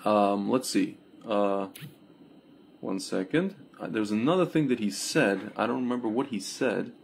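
A man's voice: unhurried, vocal fry, slight background noise. A man giving a rambling, casual livestream monologue to his viewers, often calling them "my friends" and "guys" and slipping into mocking impressions. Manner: animated, jumps into mocking high-pitched impressions. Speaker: online commentator.

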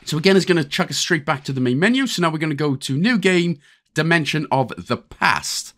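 A Welsh man talks the listener through a game walkthrough in a casual, chatty way with the odd joke thrown in. His voice sits a touch high and swings around a lot, keeping the instructions upbeat and easygoing. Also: animated, fairly quick, fairly bright tone. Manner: chatty, jokey, step-by-step instructions. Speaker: gaming channel host.

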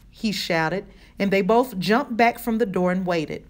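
A woman reading a children's novel aloud in measured narration. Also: medium pitch. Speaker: audiobook reader.

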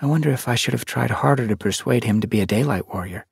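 A man's voice: medium pitch, fast, creaky, breathy edge, no echo, clean studio sound, pitched above the performer's own voice. A man voicing an earnest female cat who leads her clan, in an audiobook.

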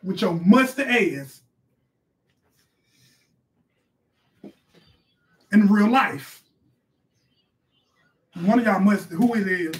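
A bossy, sassy mother who snaps at her kids between shout-outs, as a man puts her on in a high voice. She talks brash and quick to scold, hosting a comic live stream from a bedroom. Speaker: live stream host reading donations. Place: bedroom at home.

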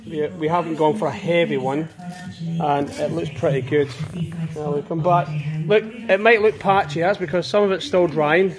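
A man's voice: a little high, steady tone, moderate pace, a crowd in the background. A man giving a casual walkthrough in a vehicle workshop. His voice is muffled by a face mask, and he keeps checking for agreement with tag questions. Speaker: charity workshop vlogger.

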